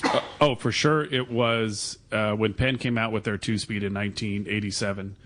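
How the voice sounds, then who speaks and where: A man's voice: on the low side, fairly even intonation, moderate pace, background noise. A man, a guest on a fishing radio show, telling a long-winded story in a casual, chatty way. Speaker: guest reel builder.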